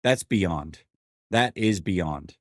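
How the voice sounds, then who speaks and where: A man in his forties hosting a live sports stream, venting his frustration and answering chat in an animated, exasperated way. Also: deep voice, very slow, no echo, clean studio sound. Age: 40s. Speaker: sports show host.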